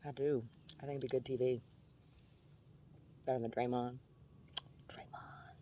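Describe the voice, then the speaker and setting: Out among the trees, a tarot-reading vlogger rambles casually, making self-deprecating jokes and laughing at them. She has a warm bass voice with a flat delivery and moderate pace.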